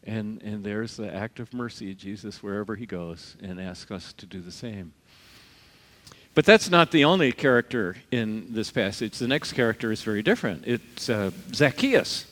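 A man's voice: lowish voice, animated, moderate pace, fairly bright tone. A man preaching a conversational sermon, telling stories and acting out the quoted voices. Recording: long reverb of a large hall.

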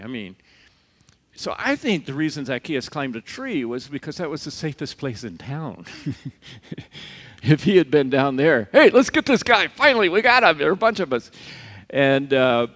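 A man's voice: medium pitch, a bit bright. A man preaching a conversational sermon, telling stories and acting out the quoted voices. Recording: long reverb of a large hall.

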